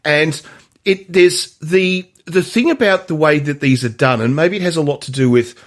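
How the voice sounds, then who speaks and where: A man co-hosting a movie podcast in casual conversation, often pausing and restarting his sentences. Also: a little high. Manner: halting, many restarts and fillers. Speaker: podcast co-host. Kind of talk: casual movie review chat.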